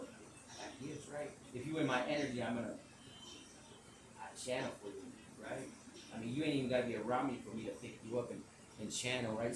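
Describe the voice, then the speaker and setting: A man who calls himself a psychic medium tells a rambling personal story. He talks loudly and acts out what people said, often laughing. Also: mid-range voice, noisy background. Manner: animated, loud, acts out quotes and laughs often. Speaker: self-described psychic medium telling a story. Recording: echoey, distant mic with faint ambience.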